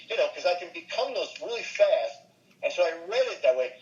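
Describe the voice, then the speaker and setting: A man's voice: high-pitched, moderate pace, long pauses, muffled recording, faint music behind. Older male voice actor telling stories. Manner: animated storyteller, slips briefly into impressions. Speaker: voice actor, interview guest. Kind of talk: casual interview chat.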